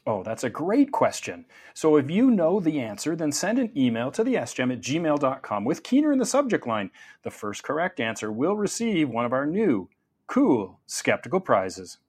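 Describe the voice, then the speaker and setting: A man's voice: on the high side, moderate pace, breathy edge. A man hosting a podcast in a casual chatty way, asking his guests questions and joking around. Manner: lively, jokey, asks questions. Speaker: podcast host.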